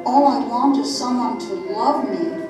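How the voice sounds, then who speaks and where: A woman's voice: on the high side, unhurried, close to an everyday voice. A woman voicing an anxious young bride who speaks in a pleading, emotional way in an amateur play reading. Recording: echoey room, mic far off, music behind.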